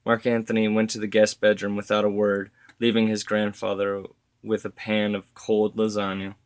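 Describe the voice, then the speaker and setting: A man reading his story aloud as narrator, steady with occasional self-corrections. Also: lowish voice, normal speed, clean tone, no echo.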